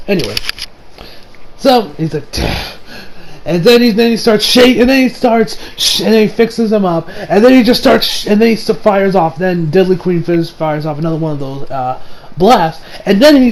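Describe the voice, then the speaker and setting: A man reviewing an anime episode in a casual, excitable recap, rambling with restarts and swearing. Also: sits high, a little hiss or hum.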